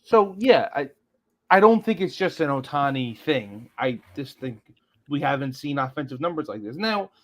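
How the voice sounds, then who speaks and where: A man's voice: mid-range voice, dull audio. A man co-hosting a podcast, talking through sports numbers analytically, often stopping and restarting his sentences. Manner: analytical, halting with frequent restarts. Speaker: podcast co-host. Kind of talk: casual sports chat.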